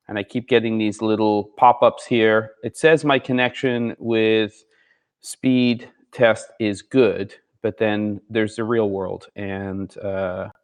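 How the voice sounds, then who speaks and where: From the second floor of a barn studio, a man hosts a live gear show, casually chatting with viewers and reading their comments aloud. His voice is lowish and smooth, with a slightly sleepy morning quality, in relaxed live-stream chat.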